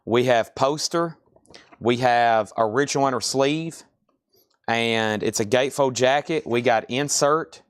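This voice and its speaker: A man hosting a live online record sale, briskly announcing items, prices and buyers in a chatty way. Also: medium pitch, clean tone, no room sound, clean studio sound. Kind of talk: live online sales patter.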